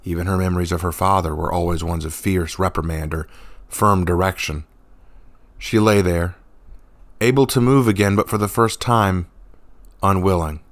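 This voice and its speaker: A man reads a fantasy story aloud in a low, steady voice. His narration is measured and even. The sound is dry and close, with no room around it. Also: no echo.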